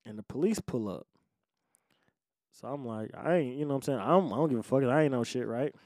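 A man with a mid-range voice tells a story from his own life in loose, profane street slang. He drops to a low mutter and then jumps into loud bursts. The sound is dry and close. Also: fairly quick, dry recording. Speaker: podcast host telling his life story. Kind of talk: casual storytelling.

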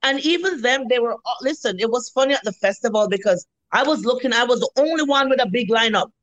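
A Jamaican woman in her fifties, a restaurant cook, telling animated stories in a casual interview, acting out her customers and swearing freely. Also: on the high side, quick pace, dry recording, highs cut off.

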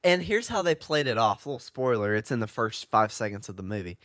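Animated man giving his opinions. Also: fairly low pitch, brisk, no room sound, studio quality. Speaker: podcast co-host. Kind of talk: casual chat.

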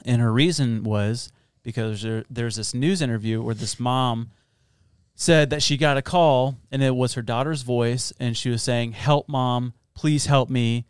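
A man's voice: medium pitch, a little slow, clear, resonant tone, dry recording. A man from Florida hosting a casual podcast, rambling with lots of fillers while telling stories. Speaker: podcast host. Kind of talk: casual chat.

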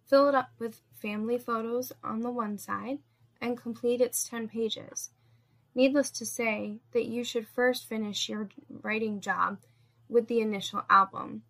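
A woman's voice: on the high side, steady tone, unhurried, a bit bright. A woman voicing a stern woman who lays out demands in a storybook reading. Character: cold, commanding woman setting tasks.

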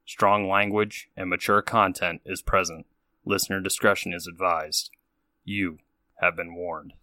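A man's voice: low-pitched, fairly even intonation, a little slow, sharp tone, no room sound, studio quality. A man reading a scripted spooky content warning in an ominous, intoned delivery. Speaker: warning announcer.

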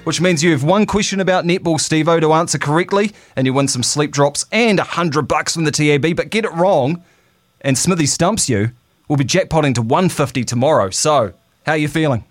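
A man's voice: on the high side, a little fast, faint music behind. A man with a New Zealand accent co-hosting sports radio, running a caller quiz and reading an ad in a chatty, upbeat way. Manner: upbeat, chatty, laughs easily. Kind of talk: radio quiz and live ad read. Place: radio studio.

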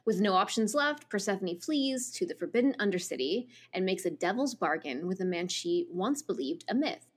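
Husky podcast woman reading a blurb, really lively up and down voice. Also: mid-range voice, normal speed. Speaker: podcast co-host. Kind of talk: casual chat and reading a book blurb aloud.

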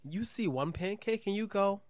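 A man with a fairly high, very lively voice tells a rowdy story in casual chat. He swears freely and his pitch jumps all over as he talks. The sound is dry and close, with no room around it. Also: normal speed, no room sound. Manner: animated storytelling, heavy swearing, frequent laughter.

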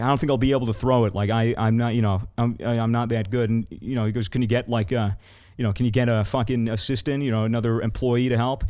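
A man's voice: mid-range voice, a little mellow. A man in casual podcast talk, telling a story with plenty of swearing and acting out the people he quotes. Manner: profane, acts out quoted voices.

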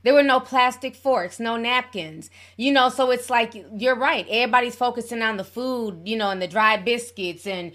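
A woman's voice: fairly high pitch, moderate pace, hardly any pauses, fairly bright tone. A woman hosting a live call-in show, chatty and affectionate with her callers. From Minnesota.

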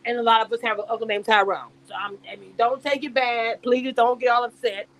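A woman's voice: on the high side, fairly even intonation, brisk, a little hiss or hum. A woman hosting a casual live stream, reading chat aloud and reacting with lots of laughter and rambling asides. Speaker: YouTube live host reacting to a reality show cast.

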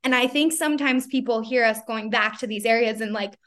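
A woman hosts a podcast and talks in a relaxed, reflective way. Her voice sits slightly high, and she laughs easily between thoughts. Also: brisk. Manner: reflective, laughs easily, many fillers like "you know". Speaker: podcast host. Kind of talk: casual podcast conversation.

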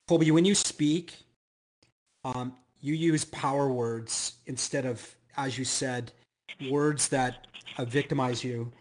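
A male host with a mid-range voice speaks warmly to his guest. He rambles and pads his praise with fillers before handing the next question over. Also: medium pitch. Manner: encouraging, rambling, filler-heavy. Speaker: podcast host. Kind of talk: interview hosting.

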